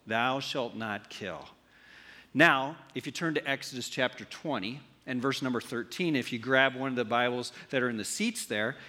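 A man from the preaching a sermon as pastor, animated, often asking the congregation questions. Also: medium pitch, long reverb tail. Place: church hall.

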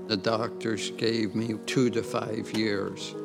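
An older man telling his personal testimony in a slow, reflective way over soft music. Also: lowish voice, level tone, vocal fry. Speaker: church member giving testimony. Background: soft instrumental music.

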